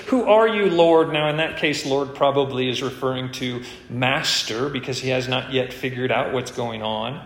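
A man's voice: mid-range voice, a bit bright. A man preaching an expository sermon, earnest and emphatic, lifting his voice on key points. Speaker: preacher and teacher. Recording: roomy echo.

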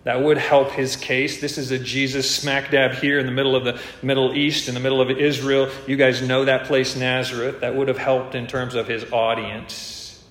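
Man, preacher, earnest verse-by-verse sermon, emphatic, mid-pitched voice, echoey room. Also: level tone, moderate pace, hardly any pauses, a bit bright. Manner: earnest, emphatic, rises in pitch on key points. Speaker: preacher and teacher. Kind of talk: expository sermon. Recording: roomy echo.

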